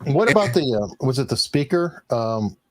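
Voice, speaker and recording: A man's voice: medium pitch, moderate pace. A man hosting a casual legal livestream, chatting with panelists and reading out viewer messages. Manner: lively, reads out viewer messages. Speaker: livestream host.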